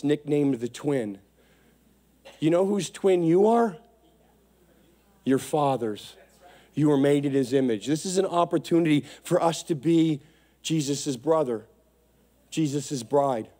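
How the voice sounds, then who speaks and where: A man preaching a sermon with impassioned, repetitive calls, swinging from hushed to shouting. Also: a little high.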